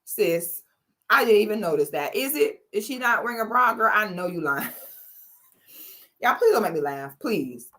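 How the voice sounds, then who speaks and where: Woman, livestream host, swooping lively delivery, storytelling. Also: mid-range voice, moderate pace. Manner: animated storytelling, acting out quotes, reading viewer comments. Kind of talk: casual livestream commentary. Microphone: camera or phone mic on a live stream.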